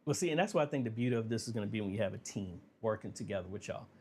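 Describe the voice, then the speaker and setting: A man hosting a casual live Q&A, talking through viewer questions in a relaxed, conversational way with plenty of fillers. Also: fairly low pitch, rapid-fire, slightly rough. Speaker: livestream Q&A host. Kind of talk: casual livestream Q&A.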